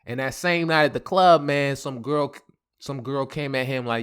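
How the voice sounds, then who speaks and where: A man's voice: mid-range voice, moderate pace, smooth. A man hosting a podcast. He tells a story casually, using a lot of slang and fillers and acting out quotes in different voices. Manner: animated, acts out quotes in voices; relaxed slang with many fillers. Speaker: podcast host.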